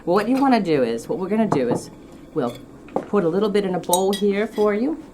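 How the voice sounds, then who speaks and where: A woman's voice: mid-range voice, lively intonation, fairly quick, background noise. A woman hosting a cooking show, demonstrating a dish in a chatty, enthusiastic way with light teasing.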